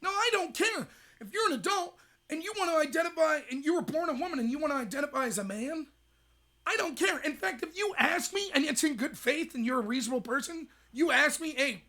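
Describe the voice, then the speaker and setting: A young adult man hosting a livestream, ranting in rapid, emphatic commentary. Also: extremely high pitch, animated, bright, forceful tone. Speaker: host.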